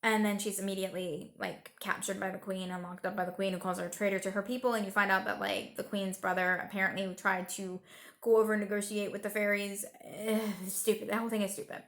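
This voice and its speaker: A woman's voice: mid-range voice, level tone, fast, fairly bright tone. A young woman giving a casual, rambling movie review. She retells the plot emotionally, with lots of fillers, and sounds tired.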